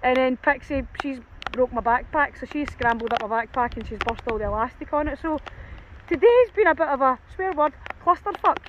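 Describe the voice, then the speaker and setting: This woman vlogs casually while walking her dog through an open field in the cold rain, laughing a lot and poking fun at herself despite feeling run down. She talks briskly and animatedly in a high, fairly bright voice. The recording sounds dull, with a little hiss or hum.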